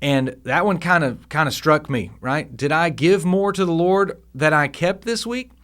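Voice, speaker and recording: A man hosting a devotional podcast, teaching scripture in a casual, animated way with frequent restarts. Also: fairly high pitch, normal speed. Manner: conversational, animated, with fillers and restarts.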